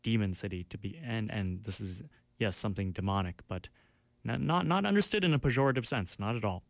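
Man, campus radio host, low voice, dry close studio sound, rambling and self-mocking. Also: expressive, fairly quick, gravelly, no room sound. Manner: rambling, self-deprecating, many fillers and restarts. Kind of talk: casual radio show chat. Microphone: studio mic.

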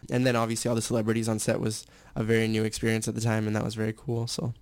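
A young man talking candidly as an interview guest. His voice is smooth and resonant, recorded dry and close, and he rambles with fillers and self-corrections. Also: fairly low pitch, monotone, rapid-fire, darkish tone, no room sound. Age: young adult. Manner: chatty, candid, full of fillers and restarts. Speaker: guest, stadium announcer and actor. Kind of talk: casual interview chat.

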